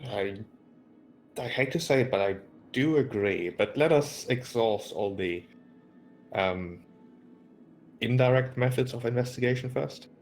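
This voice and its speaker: Male player, lower-middle pitch, careful, deliberate delivery. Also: darkish tone, faint music behind. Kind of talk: casual tabletop play.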